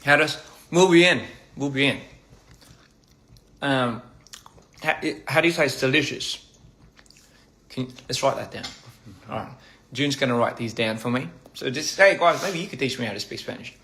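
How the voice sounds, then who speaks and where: Bright-voiced man hosting a playful live stream. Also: medium pitch. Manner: playful, halting, repeats phrases while practicing pronunciation. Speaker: livestream host. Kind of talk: casual live-stream chat while eating.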